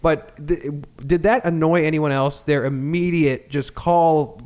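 A man's voice: a little high, normal speed, hardly any pauses, a little mellow. Profane, opinionated male podcast host. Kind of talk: casual sports chat.

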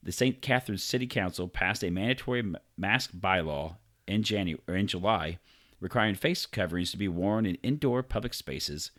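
Male podcast co-host, very deep voice, reads the news with crude jokey commentary. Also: lively intonation, normal speed, fairly bright tone. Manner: reads stories aloud with jokey asides, stumbles on names and swears. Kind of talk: casual podcast banter.

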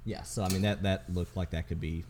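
A man's voice: low-pitched, fairly even intonation, a little fast, a little mellow, slight background noise. A man hosting a casual gaming podcast, rambling with lots of ums and restarts. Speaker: podcast host.

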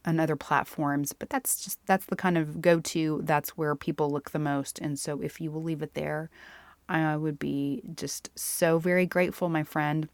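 A woman's voice: low-pitched, fairly even intonation, moderate pace, dry recording. A woman hosting her own podcast, talking casually and directly to the listener as her friend. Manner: chatty, warm-hearted, addresses listener as "my friend". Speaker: podcast host. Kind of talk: casual solo podcast monologue.

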